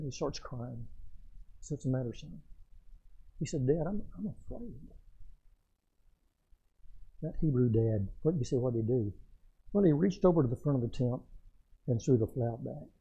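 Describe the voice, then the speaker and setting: An older man, a pastor, preaching a folksy, storytelling sermon that swells loud and then drops soft. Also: mid-range voice, husky, muffled recording.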